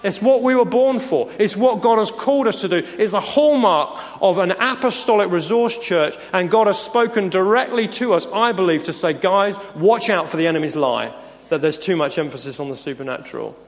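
A man preaches as pastor in a church hall, earnest and emphatic, chuckling here and there between points. He speaks briskly in a high voice with few pauses, and the hall adds long reverb to the recording.

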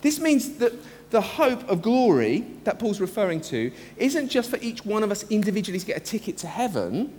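A pastor preaches in an earnest, emphatic manner, his voice high for a man and swinging widely in pitch. He slows down to lean on key phrases. A long church reverb and a faint hum of room ambience surround him. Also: big pitch swings, darkish tone, husky. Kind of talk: sermon.

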